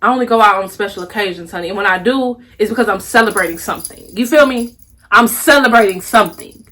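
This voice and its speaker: Her voice now sits in the mid range with a sharp tone. The young vlogger speaks to viewers in a sassy, drawling manner, using honey and baby, repeating herself emphatically and slowing down to stress points in a casual monologue.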